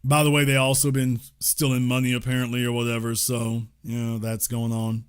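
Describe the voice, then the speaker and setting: A man's voice: mid-range voice, completely flat delivery, fairly quick, clear, resonant tone. A man hosting online political commentary, reading news quotes aloud and adding incredulous, sarcastic asides.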